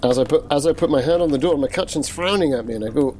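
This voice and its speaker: A man's voice: a little high, fast, a little mellow, slight background noise. A man playing a tabletop role-play game, earnest and thinking aloud. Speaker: player.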